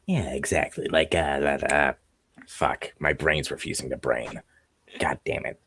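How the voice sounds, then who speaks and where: A man's voice: a bass voice, steady tone, a little slow, a bit bright, breathy edge, no room sound. A man chatting casually on a gaming stream, laughing often, swearing and tripping over his words. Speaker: player on a tabletop game stream. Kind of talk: casual chat.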